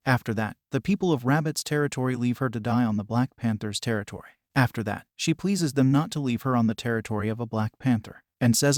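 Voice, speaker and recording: A man's voice: mid-range voice, brisk, hardly any pauses, darkish tone, no echo, clean studio sound. A man narrating a manga recap, in a plain and uneven storytelling read.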